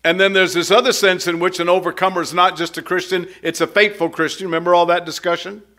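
A man preaching an expository sermon, teaching in a slow, emphatic, conversational way with many rhetorical questions. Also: high voice, level tone, fairly bright tone.

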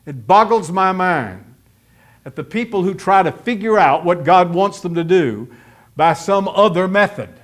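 A man's voice: sits high, lively intonation, unhurried. A middle-aged man preaching a sermon as pastor, folksy and emphatic, acting out quotes from people he talks about.

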